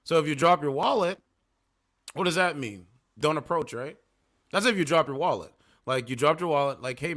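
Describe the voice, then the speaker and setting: On his casual livestream, a host from Canada talks to viewers and mocks clips in an incredulous way. His voice is a little high and a bit bright.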